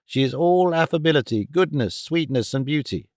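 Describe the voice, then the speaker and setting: A man voicing an eccentric older male clerk who talks in an excited, fussy, reassuring way. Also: on the high side, normal speed, dry recording, studio quality. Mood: eager.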